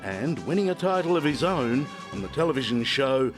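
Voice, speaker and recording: A male reporter giving scripted TV narration in a measured storytelling way. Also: medium pitch, sing-song. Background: music bed.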